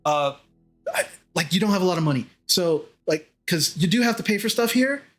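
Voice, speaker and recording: A man's voice: sits high, lively intonation, a little fast, fairly bright tone. A man voicing a chatty, eager male tavern bartender who rambles and apologizes. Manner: rambling, apologetic, talks too much.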